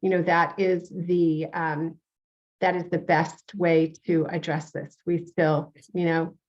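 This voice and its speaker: A woman's voice: sits low, flat delivery, takes it slowly, muffled recording. A woman with a New York accent hosting an interview show, earnest and full of uhs and restarts. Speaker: show host, reverend.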